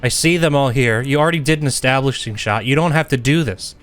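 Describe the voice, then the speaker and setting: A young man chats loosely while streaming a game, rambling and cracking jokes about the characters' stilted speech. His voice sits mid-pitched and ordinary. Faint game music hums underneath. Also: quick pace, a bit bright. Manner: rambling, joking, mocking imitations of characters. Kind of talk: casual gameplay commentary.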